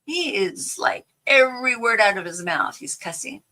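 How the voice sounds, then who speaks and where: A woman's voice: on the high side, expressive, normal speed, sharp tone, rough recording. An older woman chatting casually while crafting at home, rambling through a family story and laughing easily. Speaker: craft vlogger.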